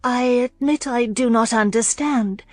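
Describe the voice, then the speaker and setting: A woman's voice: fairly high pitch, measured pace, dry recording, soft background music, voice pushed up. A woman doing a timid, fretting young lady. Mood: anxious. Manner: soft, hesitant, fretting. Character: anxious young noblewoman fiancée, timid and eager.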